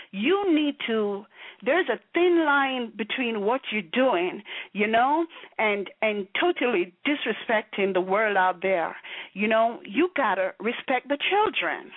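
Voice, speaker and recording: A woman with a husky, slightly high voice lectures her viewers in a blunt, profane rant. Her pitch leaps around with lively emphasis as she hammers each point home. The sound is dry and tinny, as if coming through a phone. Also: no room sound. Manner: lecturing and emphatic, with blunt swearing and repeated appeals of "you know". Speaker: vlogger. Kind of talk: preachy, profane monologue to camera.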